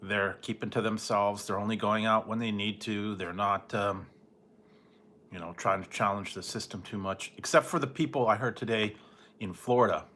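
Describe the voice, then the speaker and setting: A man's voice: fairly low pitch, fairly even intonation, moderate pace, bright, forceful tone. A man hosting a casual livestream, rambling and chatting, often laughing and mimicking other people. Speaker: livestream host. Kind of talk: casual late-night livestream chat.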